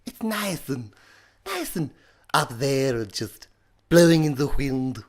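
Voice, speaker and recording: A man voicing a bratty, cutesy baby boy with a British accent, high-pitched and breathy. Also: very animated, slow pace, heavily acted.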